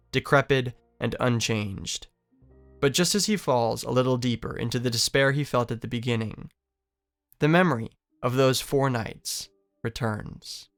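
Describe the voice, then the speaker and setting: Smooth-voiced man narrating a literary essay. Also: mid-range voice. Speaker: video essayist. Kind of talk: scripted literary analysis narration.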